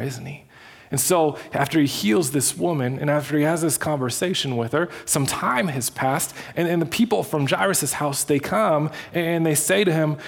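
A male pastor preaching in a casual, animated storytelling way, with frequent restarts and filler words. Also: fairly high pitch. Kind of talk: sermon.

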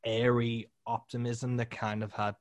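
A man's voice: mid-range voice, a little slow, dry recording. A man hosting a podcast interview, chatting casually with lots of fillers. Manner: relaxed, lots of "like" and short agreements. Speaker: podcast host, musician.

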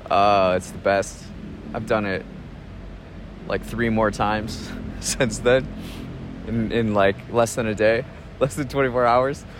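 A man talking in a casual spoken travel diary, relaxed and reflective, rambling with restarts and soft chuckles. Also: on the low side, slow pace, long pauses, background noise. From United States. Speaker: podcast host.

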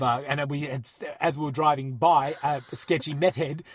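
A man telling a travel story in a casual chat, animated and acting out the people he quotes. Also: a little high, a little fast.

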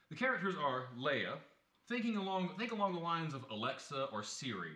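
A man's voice: mid-range voice, pushed and bright, reverberant. A man hosting a play reading and reading the stage directions, chatty, with jokey asides. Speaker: organizer and stage-direction reader.

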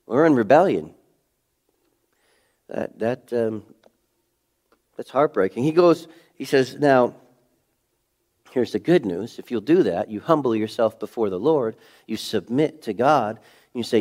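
A middle-aged pastor preaches a sermon conversationally, packing it with rhetorical questions and swinging from loud emphasis to hushed moments. His medium-pitched voice has lively intonation, unhurried with long pauses.

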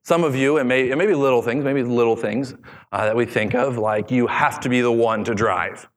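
A male pastor in his thirties preaching in a loose, joking, conversational way, his voice at an ordinary middle pitch. The words ring out with a long reverb across a large church auditorium. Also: a little fast. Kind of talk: sermon.

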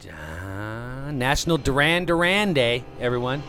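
A man's voice: medium pitch, expressive, unhurried, background noise. A man co-hosting a podcast, telling offbeat news stories in a playful, joking way. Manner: playful, jokey storyteller. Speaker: podcast co-host. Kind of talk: casual banter.

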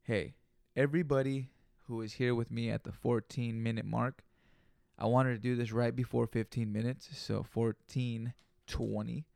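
A man's voice: medium pitch, level tone, moderate pace, creaky, darkish tone, dry recording. A young man hosting a casual solo podcast, rambling and joking with lots of profanity and playful repeated asides. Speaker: podcast host.

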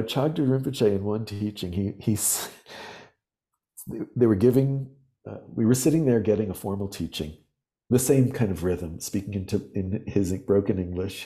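A man talking as a podcast guest, explaining ideas in earnest, animated storytelling. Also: low voice. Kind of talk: reflective interview talk.

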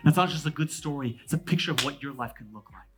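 A man in his thirties, a pastor from California, preaching a sermon. He jumps between loud, emphatic lines and hushed asides, with quick, conversational humor. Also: mid-range voice, expressive, over music.

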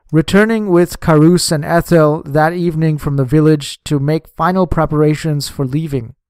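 A man narrating a memoir in a measured, steady audiobook reading on a close microphone. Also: a little high, smooth, no echo.

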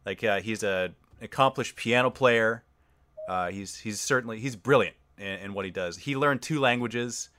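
A man's voice: fairly low pitch, normal speed, no room sound. A man hosting a podcast, talking casually and at length in a rambling way. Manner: warmly rambling, with frequent fillers and restarts. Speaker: podcast host.

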